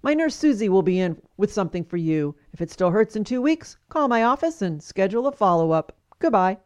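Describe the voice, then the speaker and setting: A woman playing a brisk dismissive doctor. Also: high-pitched, big pitch swings, darkish tone, smooth. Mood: breezy. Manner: brisk, breezy. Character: hurried, dismissive male doctor.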